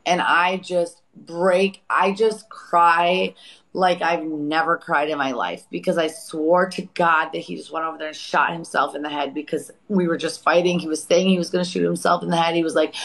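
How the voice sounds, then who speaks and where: A woman in her forties telling a painful personal story on a live chat, raw and profane, breaking into loud re-enacted outbursts. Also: lowish voice, fairly even intonation, moderate pace, poor audio. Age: 40s.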